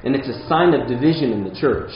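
A man's voice: mid-range voice, expressive, quick pace, roomy sound, dull audio, a little hiss or hum. A man preaching a sermon as pastor, earnest and emphatic, with casual asides to the congregation.

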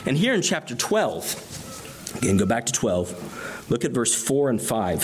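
A man's voice: medium pitch, sing-song, moderate pace, background noise. A man preaching an expository sermon, reading and explaining scripture passages earnestly.

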